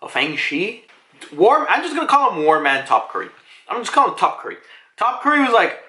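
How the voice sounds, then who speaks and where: A man casually reviewing a comic chapter, excitable and swearing often. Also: high-pitched, brisk. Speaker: manga reviewer. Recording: roomy echo.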